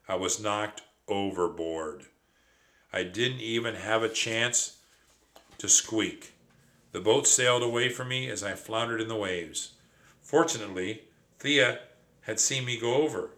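A man with a fairly low voice reads a children's storybook aloud. His telling is expressive and animated, with a bright, forceful tone. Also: measured pace. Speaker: narrator.

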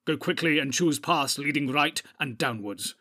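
Gandalf, a husky old wizard, read by a man. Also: fairly high pitch, moderate pace. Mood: commanding. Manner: urgent, forceful commands. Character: old male wizard, stern and commanding. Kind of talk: audiobook reading.

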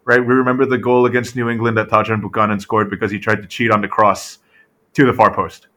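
A man co-hosting a casual sports podcast, animated and full of fillers and "right?" tag questions. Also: on the low side, fast. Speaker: podcast co-host.

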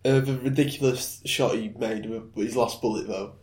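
A man's voice: mid-range voice, steady tone, moderate pace. A man co-hosting a casual film review podcast, blunt and critical in his opinions. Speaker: podcast co-host. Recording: echoey room.

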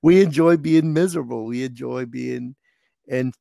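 A man in his twenties hosting a casual chat, telling stories in a relaxed way and laughing easily. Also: medium pitch, normal speed, gravelly, no echo, studio quality.

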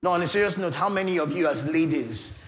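A middle-aged Nigerian man preaching a sermon, swinging between loud declarations and soft pleading asides. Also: a little high, fast. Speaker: pastor.

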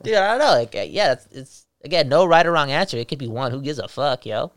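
Casting: podcast co-host man, smooth clear voice, laid-back and slangy, pitched a bit high. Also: animated, fast, fairly bright tone. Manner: laid-back, swearing, slangy, laughs a lot. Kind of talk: casual chat.

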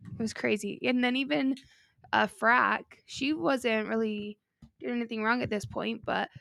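Blunt, swearing woman with a gravelly voice. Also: fairly high pitch, steady tone, unhurried, fairly bright tone, no room sound, studio quality. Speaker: podcast co-host. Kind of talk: casual chat.

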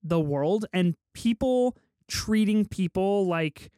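A man's voice: sits high, lively intonation, slow, warm tone, smooth, dry recording, studio quality. A man hosting a podcast who steers the conversation, wry and teasing with his co-hosts. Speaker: podcast host. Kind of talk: casual chat.

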